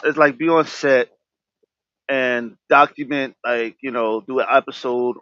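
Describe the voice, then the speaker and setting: A man's voice: mid-range voice, fairly even intonation, unhurried, bright, forceful tone, no room sound. A man hosting an interview show, rambling with many restarts and reacting with "wow.". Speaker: host. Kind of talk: casual interview. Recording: dry, dull lo-fi sound.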